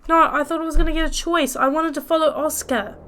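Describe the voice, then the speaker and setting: A young woman plays through a story game and reads every line aloud, sounding playful. Her voice sits a little high and is strained, close to cracking, with faint music underneath. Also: fairly even intonation, fast talker, fairly bright tone. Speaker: gaming YouTuber. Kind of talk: let's play with voiced reading.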